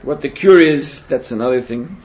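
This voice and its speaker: A man teaching a spiritual seminar in a measured, reflective way, often pausing to hesitate. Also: medium pitch, expressive, a little mellow. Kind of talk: spiritual lecture. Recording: dull lo-fi recording with faint hiss.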